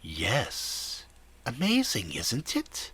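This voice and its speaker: A man's voice: medium pitch, wildly swooping pitch, bright, forceful tone, breathy edge, full character voice. A man voicing a slender, sinister villain who talks down to others in a nasal, whiny, menacing voice. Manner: menacing, condescending, slow.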